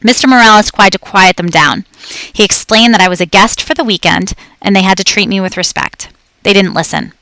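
Woman reading a kids' book out loud, mid pitch, dry close mic. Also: brisk, dry recording. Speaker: audiobook reader. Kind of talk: scripted storybook narration.

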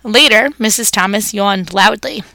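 A woman's voice: mid-range voice, normal speed, vocal fry, pushed and bright, no room sound. A woman reading a children's story aloud, narrating expressively as a pet hamster.

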